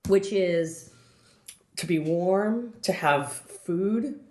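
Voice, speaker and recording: A woman's voice: lowish voice, very slow, a little mellow. A woman podcast host recapping a film in casual chat, rambling with many fillers and restarts. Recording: roomy, echoey room.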